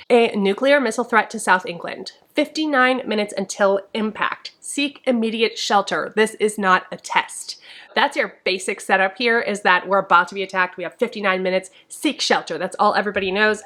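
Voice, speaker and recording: A woman at an ordinary, mid-range pitch talks through upcoming book releases. She reads each blurb with dramatic flair, then drops into quick, chatty asides of her own. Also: a bit bright. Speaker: book reviewer. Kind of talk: casual book talk reading blurbs aloud.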